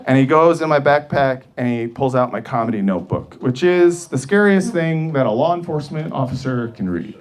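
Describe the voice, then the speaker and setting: A man's voice: mid-range voice, lively intonation, fairly quick, few pauses. A man telling a profane story in a stand-up comedy set, brash and laughing along as he goes.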